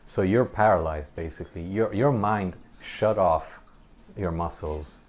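A man casually telling a personal story over gameplay, animated and halting, often laughing between sentences. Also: low-pitched. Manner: halting, many restarts. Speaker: gameplay commentator.

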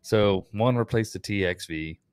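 A man's voice: on the low side, measured pace, darkish tone, clean tone, no room sound. An American man co-hosting a podcast, chatting casually and telling work stories, swearing freely. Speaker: podcast co-host, HVAC technician. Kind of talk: casual chat.

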